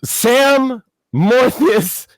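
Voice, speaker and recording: A man co-hosting a podcast, reading out mock award nominations in a deadpan way with many filler uhs. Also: very high-pitched, drawn-out words, dry recording. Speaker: podcast co-host.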